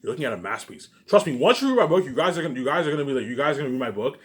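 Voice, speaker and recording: A man's voice: mid-range voice, very animated, racing, soft background music. A man rambling to his camera, boastful and repetitive, swearing freely. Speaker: vlogger. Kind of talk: casual rambling monologue to camera. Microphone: camera mic.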